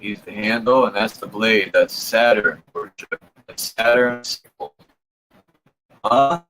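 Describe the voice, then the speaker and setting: Male channel host, low-pitched, unhurried, amused slangy musing over maps. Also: slight background noise, low-quality recording. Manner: relaxed, amused, slangy asides. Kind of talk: casual commentary while browsing old maps.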